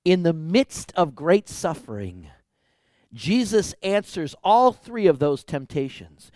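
A male preacher giving a sermon, lively and conversational with his congregation. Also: fairly high pitch, no room sound, clean studio sound.

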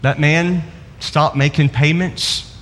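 A male pastor preaching a sermon, telling a story and slowing down to stress key words. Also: on the high side, fairly even intonation, a bit bright, in a large hall. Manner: storytelling, slows down for emphasis.

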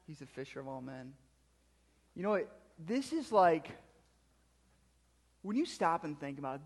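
Male pastor, high voice, quiet reflection rising to loud, emphatic preaching, long hall reverb. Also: sing-song, normal speed, long pauses. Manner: interacts with the congregation. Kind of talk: sermon.

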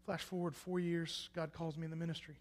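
Man in his twenties, sermon testimony, emphatic then hushed, big reverberant hall. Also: a little high, flat delivery, fairly quick. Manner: swings from loud emphatic bursts to hushed quiet lines. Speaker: preacher.

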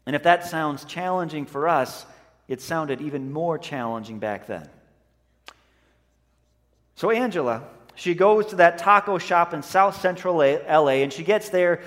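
A man's voice: a little high, a bit bright, big-room sound. A man preaching a sermon as pastor, earnest and conversational, telling a story and acting out voices in it.

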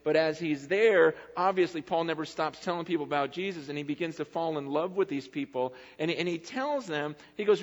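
A man preaching a casual, conversational sermon, excitable and acting out the lines he quotes. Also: a little high, fairly quick, few pauses, in a large hall, dull audio. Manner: excitable, casual, acts out quotes with lively swings. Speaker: pastor.

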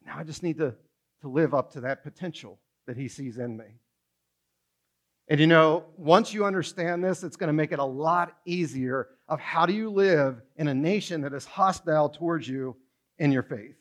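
Male pastor, high voice, lively conversational sermon full of rhetorical questions. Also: moderate pace.

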